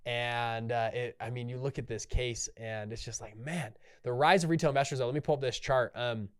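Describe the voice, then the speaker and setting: A man's voice: mid-range voice, steady tone, fairly quick, clean tone. A man hosting a solo podcast, talking casually and rambling off on tangents with lots of restarts and fillers. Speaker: podcast host.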